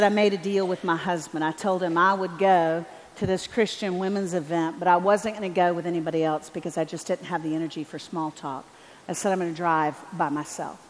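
A woman preaches to a large conference, her voice slightly low and carrying a long reverb from the hall. She tells her story animatedly and slips into the voices of the people she quotes. A faint hum of ambience sits underneath. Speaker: conference speaker. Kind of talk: storytelling sermon. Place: large arena. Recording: echoey arena with faint ambience.

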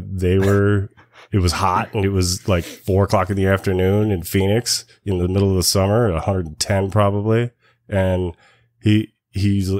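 A man's voice: deep voice, no room sound. A man around forty, a podcast guest in casual chat, laid-back and swearing freely as he tells stories.

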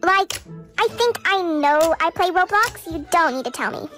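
A text-to-speech woman's voice reading a storytime in a quick, chirpy way. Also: very high-pitched, expressive, a bit bright. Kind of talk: synthetic storytime narration. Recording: music bed under the voice.

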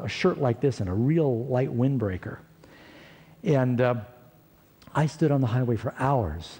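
A man's voice: mid-range voice, husky. A man telling a personal story in a sermon, acting out the quotes of the people in it. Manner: animated storyteller, acts out quotes. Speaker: preacher. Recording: long hall reverb.

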